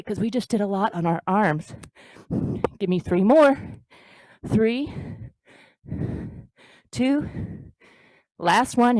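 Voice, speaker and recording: A woman's voice: medium pitch, dark tone, no room sound. A woman leading a bodyweight workout as fitness instructor, counting reps aloud and encouraging the viewer.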